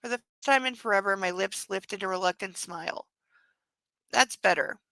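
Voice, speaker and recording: A woman reading a novel aloud with sarcastic, irreverent commentary, sometimes dropping to a hush. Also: mid-range voice, fast talker, no echo, rough recording. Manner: wry and irreverent, drops to a hushed whisper for some narration. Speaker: book club podcast host.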